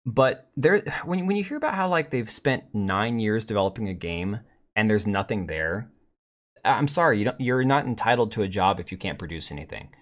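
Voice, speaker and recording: A man's voice: on the low side, animated, a little fast, fairly bright tone. A middle-aged man hosting a live stream, rambling bluntly with profanity as he reads and answers chat.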